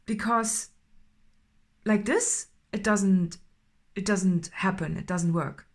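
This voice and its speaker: A woman doing an unscripted intuitive tarot reading, halting and filler-heavy, often checking in with "right?" and growing more emphatic as she goes. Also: mid-range voice. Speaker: tarot reader.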